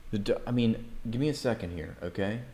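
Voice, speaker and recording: A man's voice: fairly low pitch, brisk, mellow. A man reading news articles aloud on a livestream, breaking off with sarcastic, mocking asides to his chat.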